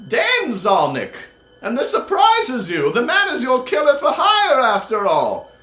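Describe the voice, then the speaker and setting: A man voicing a fussy, nervous elderly male wizard in a tabletop game, speaking in a shrill, exclamatory way. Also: wildly swooping pitch, a little slow, bright, forceful tone, heavily acted. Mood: alarmed. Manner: shrill, exclamatory, high-pitched. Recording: roomy echo.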